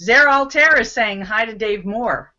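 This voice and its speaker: A cheerful woman leads a live laughter yoga session on a video call, her slightly high, bright voice coaching, cheering and breaking into laughs. She talks slowly and encouragingly. The sound is dull and lo-fi, like a streamed call. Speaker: host leading laughter yoga. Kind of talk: live online group session.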